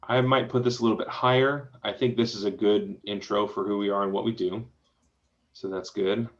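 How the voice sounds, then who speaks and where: Reviewing a website, a man thinks aloud and offers friendly, easygoing suggestions in casual spoken feedback. His fairly low voice runs a little fast and stays relaxed and encouraging. The audio is dull and lo-fi, like a video call.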